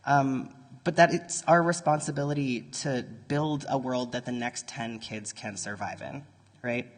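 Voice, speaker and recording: A man's voice: medium pitch, fairly even intonation, unhurried. A man giving a conference talk to a live audience, speaking conversationally and turning to the room with nerdy asides. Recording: long reverb from a large conference hall.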